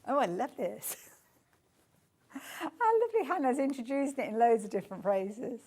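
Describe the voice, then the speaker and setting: Gushing woman with a lively voice. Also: a little high, moderate pace, husky. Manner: gushing, chatty, keeps saying beautiful. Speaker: shopping channel presenter. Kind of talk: live TV sales presentation. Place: TV studio.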